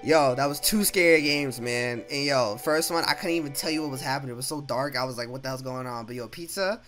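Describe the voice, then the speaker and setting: A young man giving casual commentary while playing a horror game, reacting loudly and saying "bro" a lot. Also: mid-range voice, fast. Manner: casual, reactive, swears, says "bro" often. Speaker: gaming YouTuber. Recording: game music behind voice.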